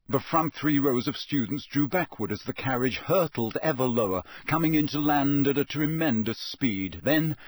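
Man, audiobook narrator, measured reading, mid pitch, dry close mic. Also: no echo. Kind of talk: scripted narration.

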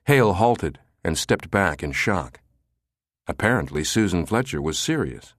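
A man narrating a thriller novel as an audiobook, in an expressive storytelling manner. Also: deep voice, unhurried, dry recording, clean studio sound.

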